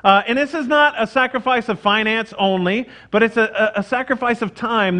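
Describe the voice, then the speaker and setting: A man's voice: sits high, a bit bright. A middle-aged man, preaching a casual, conversational sermon with frequent fillers and restarts. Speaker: pastor.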